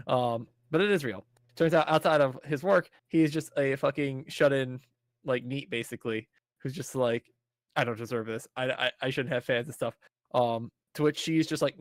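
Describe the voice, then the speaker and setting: A man's voice: mid-range voice, steady tone, fairly quick, no echo. Laid-back man recapping a show, dry sound. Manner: rambling, laughing, swears freely. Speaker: podcast co-host.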